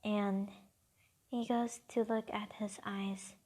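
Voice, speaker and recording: A woman's voice: mid-range voice, level tone, slow pace, dark tone. A woman casually improvising a fan-fiction story, rambling and hesitant, often half-whispering.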